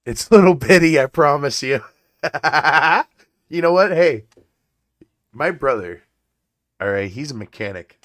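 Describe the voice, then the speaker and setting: A man's voice: a little high, lively intonation, takes it slowly, pauses often, a bit bright, no room sound. A man hosting his own podcast, telling stories in a rambling, profane way and laughing often. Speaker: podcast host. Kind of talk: casual comedic podcast talk.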